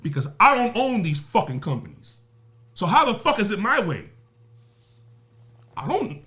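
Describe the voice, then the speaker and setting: A man with a slightly high, slightly bright voice appears as a music business guest on a podcast. He makes his points forcefully and profanely, using rhetorical questions and everyday analogies.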